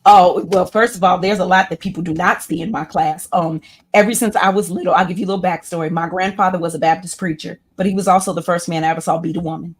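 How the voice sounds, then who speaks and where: A woman's voice: fairly low pitch, fairly even intonation, fast, slightly rough. Impassioned woman with a preacherly flow. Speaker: guest, women's class leader. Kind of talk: candid interview talk.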